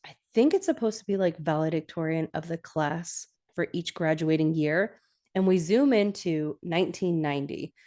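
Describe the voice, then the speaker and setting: A young woman hosting a podcast, chatting casually as she recaps a TV episode with frequent giggles. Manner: chatty, giggly, animated, acts out quotes in a higher voice.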